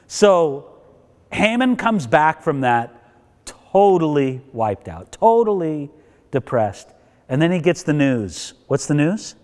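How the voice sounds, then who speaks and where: A man lecturing at a Bible college, storytelling with plenty of energy. His voice sits high and leaps up and down as he gets excited. The sound trails off in a long hall reverb. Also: slow pace. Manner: lively storyteller acting out characters, laughing.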